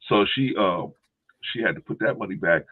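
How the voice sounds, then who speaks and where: A man co-hosting a casual chat, telling a story animatedly and mimicking other people in a high voice. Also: moderate pace, slightly rough. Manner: animated, acts out quotes in a high voice. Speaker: co-host. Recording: tinny phone-line sound.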